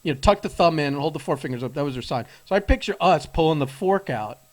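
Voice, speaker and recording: A man with a somewhat high voice chats with a friend on a podcast. He talks in loose, enthusiastic bursts, restarts his sentences and swears without a second thought. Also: lively intonation, fast talker. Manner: enthusiastic, rambling, swears casually. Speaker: podcast co-host. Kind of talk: casual chat.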